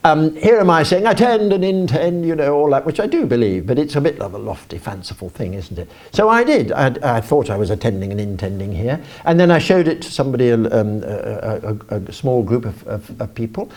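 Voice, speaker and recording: An older English man speaking at a conference, animated and self-deprecating, rambling with restarts. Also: mid-range voice, fairly quick, few pauses. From England. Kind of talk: live talk to an audience. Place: conference auditorium.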